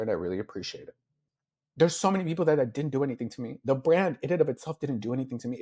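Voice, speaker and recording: A man at mid pitch, talking openly and with feeling in a long interview answer. He fills his speech with "like" and acts out what he thought back then, always in his own voice. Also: darkish tone. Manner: heartfelt, filler-heavy, acts out his own past thoughts. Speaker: interview guest, beauty influencer. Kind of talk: candid emotional interview.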